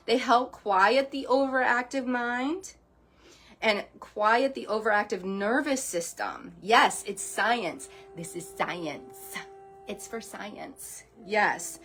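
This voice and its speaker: A woman's voice: medium pitch, a bit bright. A middle-aged woman hosting a sound healing talk, earnest and encouraging, speaking directly to her viewers. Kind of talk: casual motivational talk.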